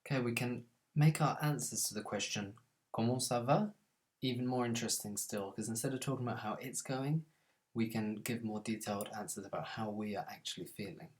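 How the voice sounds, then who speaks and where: Guy teaching basic french, says the french bits slow n clear then explains. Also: fairly low pitch. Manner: slows down and stresses French phrases, then explains them plainly. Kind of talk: scripted language lesson.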